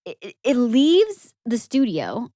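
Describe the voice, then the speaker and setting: Bright, giggly young woman co-host; high-ish, very lively pitch, dry close mic. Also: takes it slowly, no echo. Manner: giggly, animated, acts out movie lines. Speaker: podcast co-host. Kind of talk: casual movie recap chat.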